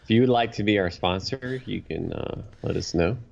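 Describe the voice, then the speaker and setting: Podcast co-host, man, low voice, easygoing, muffled lo-fi mic. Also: moderate pace, vocal fry, a little mellow, a little hiss or hum. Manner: easygoing, adds short asides and agreements. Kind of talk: casual chat. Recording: dull lo-fi sound.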